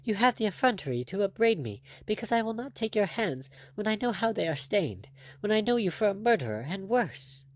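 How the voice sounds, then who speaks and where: A man voicing a proud young gentlewoman who speaks in a formal, clipped, indignant way. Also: sits high, very animated, fairly quick, pitched above the performer's own voice.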